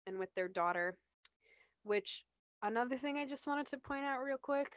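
A woman's voice: sits high, lively intonation, normal speed, no echo, dull audio. A woman co-hosting a podcast, chatting casually about a TV episode, with lots of "like" and "you know". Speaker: podcast co-host. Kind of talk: casual TV rewatch discussion.

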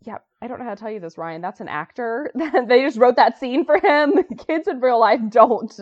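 A woman co-hosting a casual chat, her voice swinging widely in pitch as she talks. She laughs a lot and leaps up high when she quotes. The recording is a bit dull and lo-fi. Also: lively intonation, normal speed. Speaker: podcast co-host. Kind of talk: casual chat about a sitcom.

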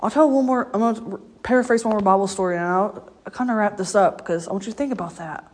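A woman's voice: medium pitch, quick pace, darkish tone. A woman preaching a casual, story-filled sermon. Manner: conversational storytelling, laughs often. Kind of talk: informal sermon.

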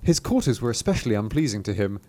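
A male host retelling an old fairy tale in a relaxed, chatty way. His voice rises and falls a lot as he narrates, and he slips in jokey asides and small laughs. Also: lowish voice, fast. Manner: playful retelling with asides and chuckles. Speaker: podcast host. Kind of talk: casual storytelling.

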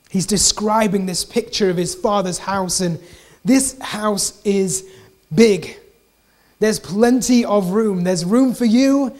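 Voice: mid-range voice, unhurried. Preacher repeating lines for emphasis. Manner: repeats key phrases for emphasis; relaxed, chatty asides. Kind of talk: conversational sermon.

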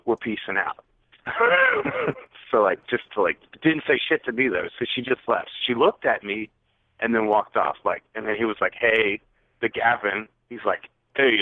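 A man's voice: fairly low pitch, no echo. A young man rattles off a story, his voice jumping up whenever he acts out what people said. The sound is thin and phone-like, and very dry with no room around it. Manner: animated, acts out quotes with rising voice. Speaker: podcast co-host. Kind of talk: casual storytelling. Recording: tinny phone-like audio.

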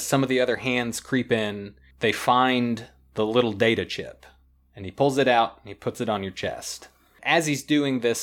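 A man narrating a tabletop role-playing game as game master, describing scenes in a loose, detailed way. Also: mid-range voice.

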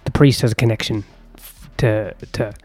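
A man voicing a stoic middle-aged pig farmer husband, gruff and curt. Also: fairly low pitch, fairly even intonation, normal speed, darkish tone, faint music behind.

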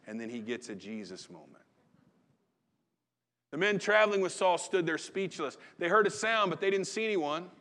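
A man preaches in a relaxed, folksy manner. He acts out the voices in the stories he tells. His voice sits a little high. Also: normal speed. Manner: folksy, conversational preaching with dramatized quotes. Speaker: pastor. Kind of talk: sermon.

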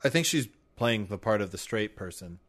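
A man co-hosting a casual podcast chat, trading dry deadpan quips and quick agreements. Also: fairly low pitch.

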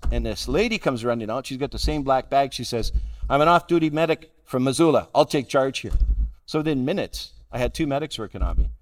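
Wry middle-aged man telling stories. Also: medium pitch. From Calgary, Canada. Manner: self-deprecating, wry, chuckles at his own jokes. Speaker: guest speaker at a recovery roundup. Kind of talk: humorous personal storytelling talk.

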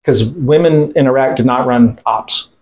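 A man's voice: mid-range voice, normal speed, darkish tone, lo-fi sound. A man, a military veteran interviewed as a guest, telling a story casually and bluntly, swearing, rambling, and quoting what others said. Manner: blunt, profane, retells events by quoting others; rambling with restarts and fillers.

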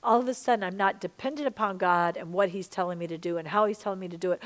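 A middle-aged woman teaching a sermon-style podcast, impassioned, dropping to hushed whispers and rising to loud emphasis. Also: lowish voice, quick pace. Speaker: Christian teacher and minister.

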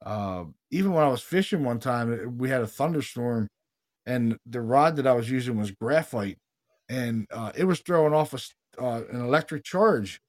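Chatty podcast guy, mid-pitched, gets loud and animated telling stories, lots of "dude" and "you know what i mean". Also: normal speed. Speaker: podcast host, paranormal investigator. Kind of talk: casual chat.

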